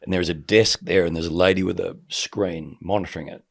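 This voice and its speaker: A middle-aged man, a podcast guest and sports commentator, tells a personal story in casual conversation, vividly acting out the quoted dialogue as he goes. His voice is deep and gravelly, with fairly even intonation and a slightly fast pace.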